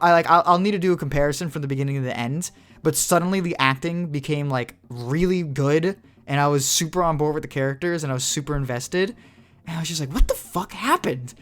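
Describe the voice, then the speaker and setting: A man's voice: medium pitch, fairly bright tone, clear, resonant tone. A young man co-hosting a podcast, rambling in casual chat with lots of "like" fillers and casual swearing. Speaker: podcast co-host.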